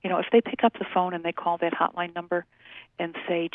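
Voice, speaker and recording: A woman who works in domestic violence services, explaining things in a measured way with many fillers during a phone-in radio interview. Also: fairly low pitch, no room sound. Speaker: domestic violence program staff. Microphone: telephone. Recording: tinny phone line.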